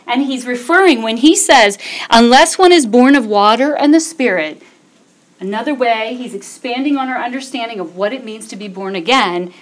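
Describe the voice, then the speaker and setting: A woman's voice: fairly high pitch, normal speed. A woman preaching a Bible teaching, reading scripture aloud and asking her listeners rhetorical questions.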